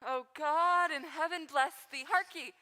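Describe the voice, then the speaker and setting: A woman playing a rambling old nurse, high and bright. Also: measured pace. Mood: gossiping. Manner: rambling, complaining, chuckling. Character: garrulous older female nurse, fussy and teasing. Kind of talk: Shakespeare stage reading. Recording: long reverb on live stream.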